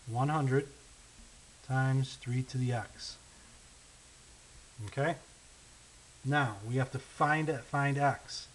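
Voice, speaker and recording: A man teaching a math lesson, walking through word problems step by step, often checking in with "okay?" and slowing down on the key numbers. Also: medium pitch, poor audio. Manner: patient, checks in with frequent "okay?" and "right?"; thinks aloud while writing, slows down on key numbers. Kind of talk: recorded lesson walkthrough. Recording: faint hiss.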